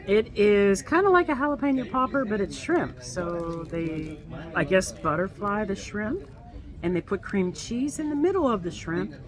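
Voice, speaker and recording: A woman's voice: mid-range voice, lively intonation, moderate pace, low-quality recording. A woman vlogging cheerfully as she tastes food, talking straight to her viewers. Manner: cheerful, chatty, talks to the viewers. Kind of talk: casual vlog tasting food on camera. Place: restaurant. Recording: restaurant with music playing.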